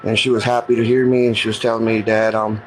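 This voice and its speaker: A man's voice: lowish voice, level tone, fast, noisy background. A middle-aged man telling a personal story in a casual, earnest, plain-spoken way, often retelling what people said to him. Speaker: guest telling his story.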